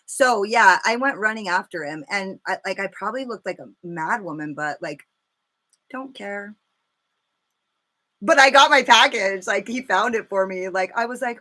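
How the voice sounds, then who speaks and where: A talkative woman in her thirties streaming a makeup tutorial, swearing freely as she chats. Her voice sits at an ordinary middle pitch, and she tells her stories with lots of energy and plenty of "like" and "um". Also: moderate pace. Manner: chatty, profane, animated storytelling. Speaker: makeup vlogger. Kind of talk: casual live makeup tutorial chat.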